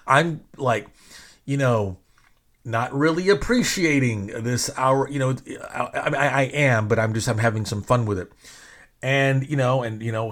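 A man's voice: mid-range voice, normal speed, a bit bright. A middle-aged man from Arkansas, rambling in an exasperated casual monologue to listeners, swearing freely and laughing now and then. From Arkansas, USA.

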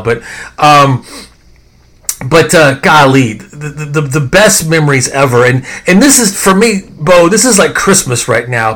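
Rambling middle-aged man telling stories. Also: a little high. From American South. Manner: rambling, animated, many fillers and restarts. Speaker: podcast host. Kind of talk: casual nostalgic storytelling.

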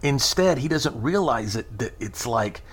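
A man's voice: medium pitch, a little slow, slightly rough. A man in his thirties telling a long, rambling story in casual conversation, acting out the voices of the people in it. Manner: animated, rambling anecdote with acted-out quotes.

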